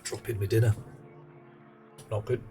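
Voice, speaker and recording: A man's voice: lowish voice, level tone, a little slow, music in the background, low-quality recording. Wry man streaming a game. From England. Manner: rambling, wry, with playful asides. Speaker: livestreamer. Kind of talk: casual gaming commentary.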